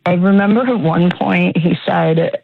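A woman speaks over a tinny phone line in a low, gravelly voice. She talks in halting bursts, full of "like" fillers. The room behind her is dry. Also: steady tone, no echo. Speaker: caller on a radio show. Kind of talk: casual phone chat.

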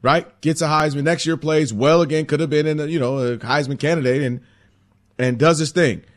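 A man hosting a sports radio show, talking in an animated, sing-song way and laughing often. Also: fairly high pitch, brisk. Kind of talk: casual sports talk. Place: radio studio.

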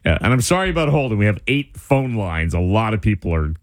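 A man's voice: lowish voice, sing-song, quick pace, no room sound, studio quality. A man co-hosting a radio talk show, playful and teasing with callers. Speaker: radio co-host.

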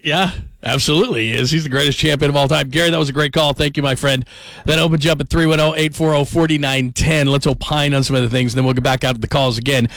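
Brisk male sports radio host. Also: a little high, fairly even intonation, fairly bright tone, no echo. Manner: upbeat, brisk, inviting callers. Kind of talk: talk radio hosting. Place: radio studio. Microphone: studio microphone.

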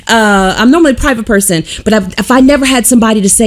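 A woman's voice: a little high, racing. A woman guesting on a radio morning show, a motivational speaker telling emphatic, emotional stories in casual talk from the studio.

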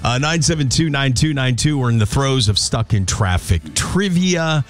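Playful lively radio host man. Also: mid-range voice, moderate pace, soft background music. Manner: playful, slips into baby talk. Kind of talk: casual morning radio banter.

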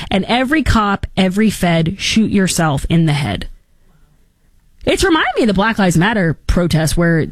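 A woman in her thirties hosting a show, talking in casual, sarcastic commentary and jumping into high mocking voices. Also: no room sound, studio quality. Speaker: host.

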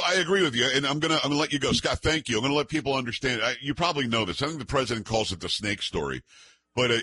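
A man's voice: mid-range voice, pushed and bright, slightly rough, no room sound. A man hosting a call-in talk radio show, arguing emphatically and firing off rhetorical questions.

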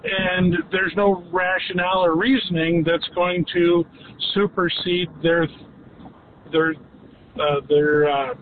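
A man's voice: high-pitched, level tone, slow pace, slight background noise. A man calling in to a radio show, hesitant and searching for words, on a phone line. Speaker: caller. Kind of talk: phoning in to talk radio. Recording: tinny phone line from a vehicle.

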